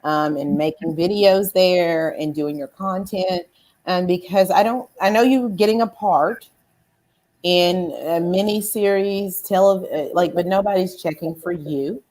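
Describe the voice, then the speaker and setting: A woman's voice: fairly low pitch, a little slow, darkish tone. A woman from Kentucky with a Southern accent, hosting a casual online show over a video call and talking bluntly, with many fillers and asides. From Kentucky, USA. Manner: blunt, profane, lots of fillers and "right?". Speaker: host.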